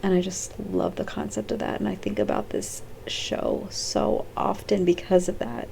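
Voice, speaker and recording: Brief: woman vlogger, rambling and off the cuff, dark gravelly voice, faint noise behind. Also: mid-range voice, little pitch movement, normal speed. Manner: rambling and off the cuff, with many fillers and restarts. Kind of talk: casual talk to camera.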